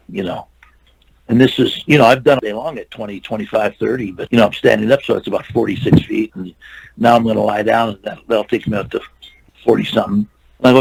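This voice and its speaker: Older male stuntman guest, husky and gravelly, spinning loose anecdotes with quoted lines. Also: mid-range voice, normal speed, long pauses, low-quality recording. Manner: rambling anecdotes with restarts and quoted dialogue. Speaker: interview guest, stuntman and actor. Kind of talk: casual storytelling.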